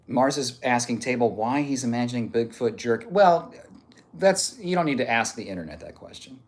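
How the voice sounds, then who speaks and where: A man's voice: mid-range voice, animated, moderate pace. A man streaming live, reading viewer messages aloud in a joking, off-hand way. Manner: joking, off-hand, reads messages out one after another.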